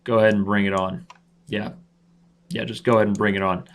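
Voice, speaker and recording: A man's voice: lowish voice, level tone, fairly quick. A man in his thirties hosting a live chess stream, commentating his own games with playful trash talk and asides to viewers.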